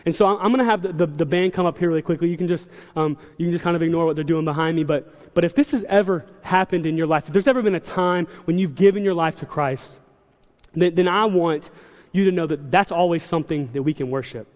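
High-voiced young man preaching in a hall. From South Carolina. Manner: animated storytelling with quick asides. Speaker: church speaker. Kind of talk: sermon. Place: large church hall. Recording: long hall reverb.

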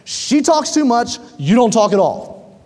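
A fairly high-voiced man preaches to a congregation, swinging from hushed, low asides to loud, excited bursts as he tells his stories. His voice rings out with a long reverb from a big church hall. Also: measured pace. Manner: animated storytelling, rising loud when excited, dropping low for emphasis. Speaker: pastor. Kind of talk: sermon.

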